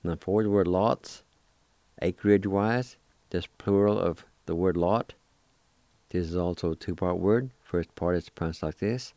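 A man hosting a radio language lesson, who sounds out words slowly syllable by syllable and patiently encourages listeners to practice. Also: deep voice, vocal fry, darkish tone, no echo. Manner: slow, careful syllable-by-syllable pronunciation.

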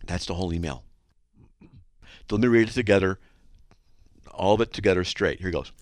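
A low-voiced male radio host reads listener mail aloud and sarcastically picks it apart. His pitch swings widely as he slips into mocking voices. The sound is dry and close. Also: sing-song, normal speed, long pauses, no echo.

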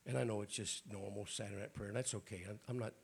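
Hoarse, raspy preacher with a gravelly low voice. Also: male voice, fairly even intonation, quick pace, a little hiss or hum. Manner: folksy, joking asides to the congregation. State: hoarse, clearing his throat. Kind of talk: informal Pentecostal sermon. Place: church.

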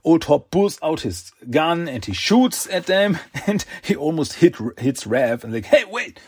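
Slow-talking, husky male recapper. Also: fairly high pitch, big pitch swings, darkish tone. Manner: rambling, with restarts and chuckles. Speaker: comic book recap host. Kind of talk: casual story recap.

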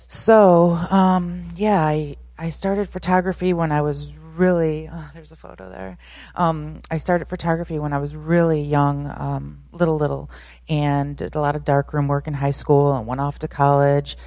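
A middle-aged woman speaks as a guest at a church service, telling her own story. Her voice sits low and stays fairly flat, with a mellow, soft tone. She talks in a nervous, halting way, filling gaps with frequent ums. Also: no room sound. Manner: nervous, halting, many fillers. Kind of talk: personal testimony at a church service.

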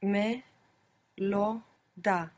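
A woman learning a language, answering slowly and working out each sentence aloud. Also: medium pitch, steady tone, darkish tone.

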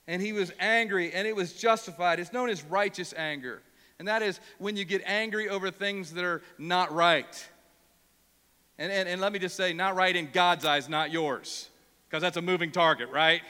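A man's voice: high-pitched, normal speed, sharp tone, clear, resonant tone, long reverb tail. A male pastor from Ohio preaching a sermon, emphatic and prone to repeating words when worked up.

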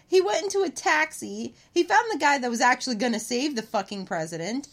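A woman's voice: high voice, expressive, fairly quick, a bit bright. A woman co-hosting a casual movie commentary chat, ranting profanely and sounding exasperated.

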